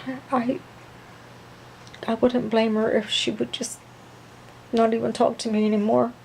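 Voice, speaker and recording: A woman voicing an emotional young woman who talks in halting, fretful bursts and repeats her words. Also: fairly high pitch, flat delivery, vocal fry, a little mellow, slight background noise, poor audio.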